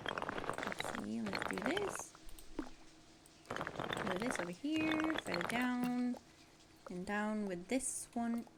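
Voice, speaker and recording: Tired, slow-talking woman streamer. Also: fairly high pitch, vocal fry, heavy background noise. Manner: sleepy, rambling, self-mocking. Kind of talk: casual live-stream chat while building.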